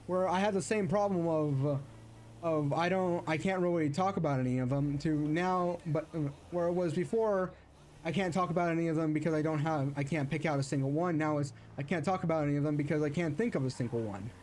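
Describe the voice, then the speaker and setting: A man's voice: a little high, brisk, darkish tone, a little hiss or hum. A man streaming a game while chatting casually, rambling earnestly and reflectively, with many restarts and self-corrections. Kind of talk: casual chat while gaming.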